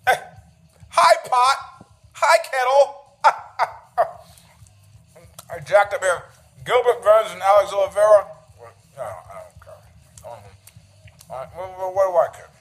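A man's voice: sits high, animated, a little slow, long pauses. A middle-aged man telling a story in a casual rant, profane and sarcastic, needling people and laughing at his own jokes.

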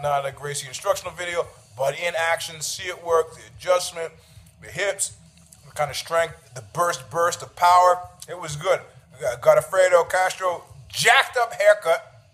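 A man's voice: a little high, bright, forceful tone. A middle-aged man telling a story in a casual rant, profane and sarcastic, needling people and laughing at his own jokes.

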